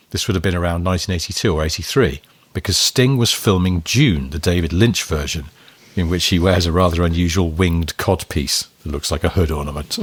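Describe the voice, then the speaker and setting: Low-voiced man telling a story. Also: husky, dry recording. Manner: chatty storyteller, laughs often. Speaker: podcast co-host. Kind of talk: casual chat, reading listener emails.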